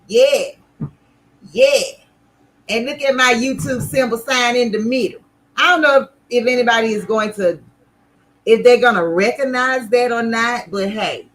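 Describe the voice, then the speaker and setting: A woman hosting a sewing livestream in casual chat, loud, extra and playful as she talks to her viewers from an indoor sewing room. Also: fairly high pitch, a little slow, rough recording.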